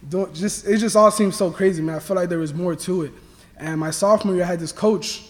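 A young man from Miami giving an earnest personal faith testimony, halting with many restarts. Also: high-pitched, long reverb tail. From Miami, Florida. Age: young adult. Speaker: student athlete sharing testimony.

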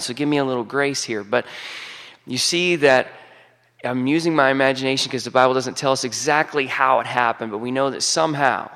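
A man's voice: mid-range voice, vocal fry, a bit bright. A man with a Southern US accent preaching a humorous sermon, telling the story in a folksy, joking way. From Southern United States. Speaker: pastor. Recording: long hall reverb.

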